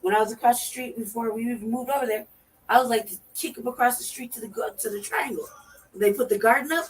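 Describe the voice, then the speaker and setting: A woman co-hosting a talk show, telling a profane story in a lively way and acting out her own reactions. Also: fairly high pitch, quick pace. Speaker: podcast co-host. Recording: distant mic with faint noise.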